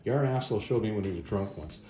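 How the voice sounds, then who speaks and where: Blunt impatient barbarian swordsman, guy putting him on while recapping a comic, low voice, echoey room. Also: fairly quick, warm tone, lightly acted. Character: stern barbarian warrior hero, male adult.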